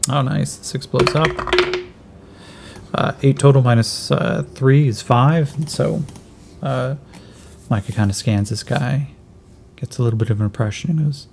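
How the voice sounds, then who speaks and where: Male game master, gravelly and mellow, laid-back tabletop narration. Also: mid-range voice, unhurried, long pauses, a little hiss or hum. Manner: relaxed, hesitant with fillers.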